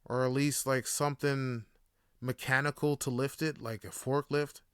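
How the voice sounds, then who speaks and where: A man's voice: mid-range voice, normal speed, clear, resonant tone, no room sound, studio quality. A man, hosting a casual solo podcast, telling stories with lots of swearing and laughter. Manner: profane, laughing, animated storytelling. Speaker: podcast host.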